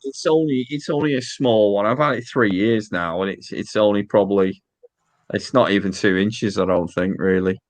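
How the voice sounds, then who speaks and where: A man's voice: fairly low pitch, normal speed. A man with a northern English accent chatting casually as a guest on a live stream, rambling with fillers and laughs. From northern England. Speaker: guest, invertebrate keeper.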